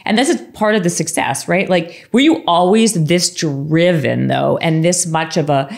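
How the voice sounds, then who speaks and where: A woman's voice: on the low side, moderate pace, creaky. A woman hosting a podcast, chatting casually and affirming her guest. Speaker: podcast host. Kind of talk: casual interview chat.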